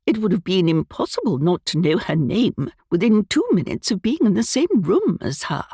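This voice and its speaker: A tart, sharp-tongued elderly lady of the manor, put on by a woman reading a storybook. She speaks higher than her reader's own voice, unhurried and cutting, with a breathy edge in a dry, close recording. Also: sing-song, no room sound.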